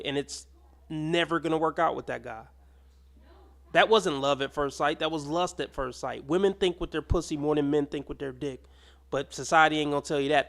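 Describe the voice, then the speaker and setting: Male reaction host, fairly high voice, blunt, sarcastic, swears. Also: vocal fry, fairly bright tone. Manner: blunt, mocking, swears freely. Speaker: commentator reacting to clips. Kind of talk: reaction commentary.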